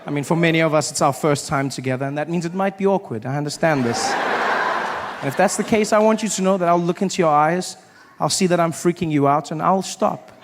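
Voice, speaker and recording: The recording is very noisy as a South African man, voice on the high side and fairly quick, performs stand-up in a theater. He tells stories to the live audience and acts out other people's voices.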